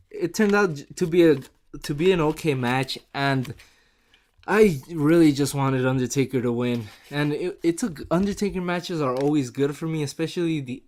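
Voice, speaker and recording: A man giving a casual spoken review, excitable and chatty and quick to laugh. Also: on the high side. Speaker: show reviewer.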